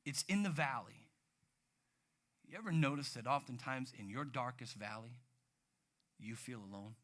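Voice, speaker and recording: A man preaching a sermon, animated, moving from hushed low passages to loud near-shouted ones. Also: moderate pace. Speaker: pastor.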